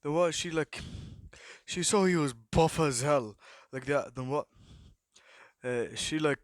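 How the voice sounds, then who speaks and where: A man's voice: a little high, slow, dry recording, clean studio sound. A young man casually narrating an improvised fan story, rambling with lots of fillers and repeated prompts to himself.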